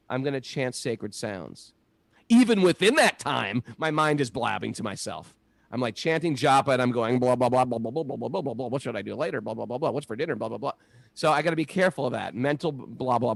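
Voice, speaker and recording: Animated male storyteller, dry close sound. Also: medium pitch, gravelly, no room sound. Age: middle-aged. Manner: animated storyteller, acts out quotes. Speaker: podcast co-host. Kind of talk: casual spiritual talk.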